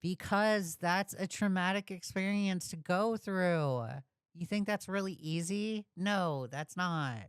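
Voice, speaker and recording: A woman with a lower, smooth voice talks through her reactions at a slow pace. Her commentary is blunt and laced with swearing. The sound is close and dry. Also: dry recording. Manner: blunt, profane, heated. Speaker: reaction streamer.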